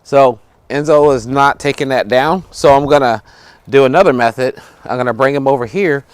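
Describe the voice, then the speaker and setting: A man's voice: mid-range voice, normal speed, clean tone, no echo. A man teaching dog training outdoors, explaining each step and giving short commands to a dog, often checking in with "right?" and "okay?". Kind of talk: instructional dog training video.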